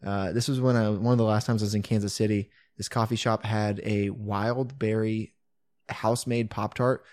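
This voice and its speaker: A man's voice: lowish voice, fairly even intonation, moderate pace, a little mellow, no room sound. A young man co-hosting a podcast, chatty and enthusiastic, swearing freely. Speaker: podcast co-host. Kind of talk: casual podcast banter.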